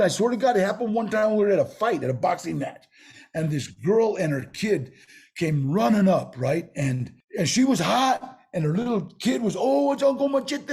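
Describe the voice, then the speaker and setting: A man, a guest on an interview show, telling stories in a rambling, animated way with streetwise slang. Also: high voice, breathy edge. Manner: rambling, animated storyteller with many restarts. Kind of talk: casual storytelling in an interview.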